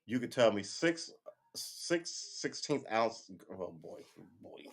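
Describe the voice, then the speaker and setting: A man with an ordinary mid-pitched voice hosts a casual live news stream. He rambles and swears freely, cracks jokes and calls his viewers boys and girls. He keeps stopping to restart or correct himself as he thinks aloud. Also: sing-song, takes it slowly. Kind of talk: casual political commentary.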